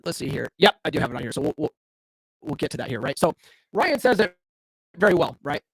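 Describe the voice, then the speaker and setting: This solo podcast host has a high-leaning, gravelly voice that's a bit bright and slightly rough, delivered fast in a sing-song way. He talks casually and profanely about dating and self-improvement, bluntly challenging his audience with rhetorical questions and repeated "right?" The studio-quality audio carries no echo.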